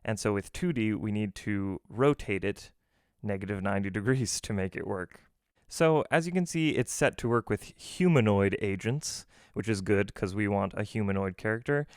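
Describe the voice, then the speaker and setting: A man's voice: fairly low pitch, normal speed, a little mellow, no room sound, studio quality. A man hosting a casual, jokey screen-recorded game development tutorial, walking through each step with self-deprecating asides. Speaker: game dev tutorial host.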